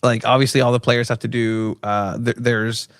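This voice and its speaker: A man co-hosts a casual soccer podcast in a loose, joking way. He is mid-pitched and leans on ums and uhs. The recording is close and dry. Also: level tone, moderate pace, clear, resonant tone, no room sound. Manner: joking, loose, filler-heavy. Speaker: podcast co-host. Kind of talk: casual sports podcast chat.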